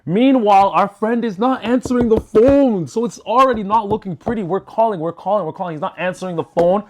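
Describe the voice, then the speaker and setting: A man telling a personal story in a casual, animated vlog style, swearing freely and filling his talk with "like" and "you know.". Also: sits high, normal speed. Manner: animated, swears freely, chatty with lots of fillers. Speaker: storyteller vlogger.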